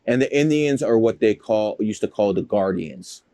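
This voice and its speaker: A man with a fairly low voice spins loose, boastful stories, swearing freely and wandering off track. The sound is dry and close, with no room around it. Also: animated, normal speed, dark tone, no echo. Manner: boastful, profane, rambling. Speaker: guest, numerologist. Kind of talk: casual storytelling interview.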